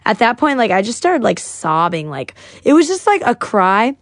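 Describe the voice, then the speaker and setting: A woman's voice: a little high, big pitch swings, moderate pace, no echo, studio quality. Chatty young woman telling a story. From United States. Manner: chatty, many "like" fillers, acts out quotes. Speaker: podcast guest, singer-songwriter. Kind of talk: casual personal storytelling.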